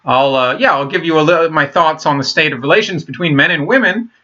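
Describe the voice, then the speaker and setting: A man in his thirties rambles bluntly through a casual monologue, stopping and restarting his sentences and swearing freely. His voice sits fairly high and bright. The sound is dull and lo-fi. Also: brisk. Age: 30s. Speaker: vlogger.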